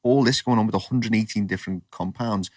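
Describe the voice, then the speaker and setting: A man's voice: lowish voice, fast, darkish tone, no echo, clean studio sound. A man hosting a podcast interview, chatty and rambling, often restarting his sentences. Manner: chatty, rambling, self-correcting. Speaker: podcast host. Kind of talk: casual interview chat.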